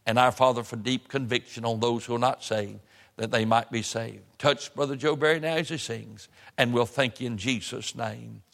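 A male pastor delivers a sermon in a church sanctuary, his voice rising in emphatic swells and stretching key phrases. His pitch sits in the middle range. A long hall reverb trails every line. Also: steady tone, creaky, a bit bright, a little hiss or hum. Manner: rising, emphatic preaching cadence with drawn-out phrases.

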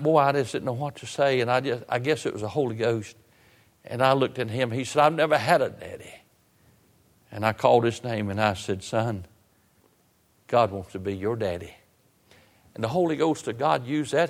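A man preaches from the pulpit and tells a long story to his church. He restarts and repeats words often. When he retells his pleas, his voice climbs high and gets loud. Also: moderate pace. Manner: repetitive restarts, rising to raised emotional pitch when retelling his pleas. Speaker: pastor. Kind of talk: sermon storytelling.

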